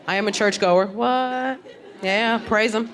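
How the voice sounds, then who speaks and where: On a comedy stage before a live audience, a woman does stand-up, chatting with the crowd and putting questions to it. Her voice is a little high, steady in tone and a little slow, and the live recording carries audience laughter and noise.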